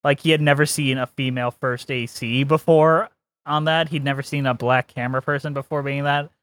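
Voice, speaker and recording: A man's voice: medium pitch, fairly even intonation, a little fast, fairly bright tone, no room sound. A man co-hosting a podcast, chatting casually and giving strong opinions, laughing often. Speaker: podcast co-host. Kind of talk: casual chat.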